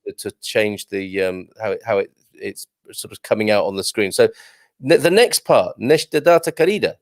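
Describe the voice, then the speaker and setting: A man's voice: lowish voice, moderate pace, dry recording, clean studio sound. A man hosting a live morning show, chatting jovially and reading out viewer comments. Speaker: show host.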